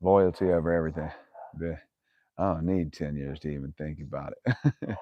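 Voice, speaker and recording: Deep, profane man on a livestream. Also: normal speed, no echo, muffled recording. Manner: blunt, profane, laughs often, quotes himself angrily. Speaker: livestream host answering viewer questions. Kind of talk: profane casual live Q&A storytelling.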